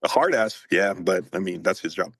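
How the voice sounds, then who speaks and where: A man in his forties, a Marine veteran guest, telling war stories in a profane, animated, casual way. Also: sits low, moderate pace, breathy edge, no echo. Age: 40s. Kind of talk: casual chat.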